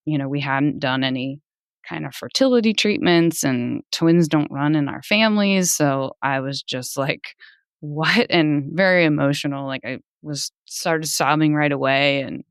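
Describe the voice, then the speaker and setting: A woman in her thirties, a podcast guest, telling a personal story in an animated way, laughing often and jumping high when she quotes people. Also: moderate pace, clear, resonant tone, dry recording, clean studio sound.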